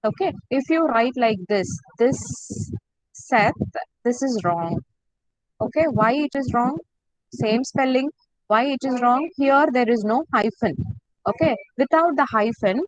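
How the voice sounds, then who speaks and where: A woman teacher, speaking in a slightly high voice over a video call. She repeats each word slowly and patiently for her students. The sound is dry and close, with no room echo. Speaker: French teacher. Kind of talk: online class lesson.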